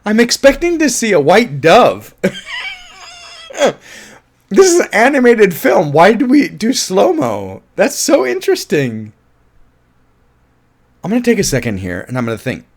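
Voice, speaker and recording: A man casually reviewing a film, animated and laughing often, with offhand swearing. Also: high-pitched, normal speed. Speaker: movie reviewer.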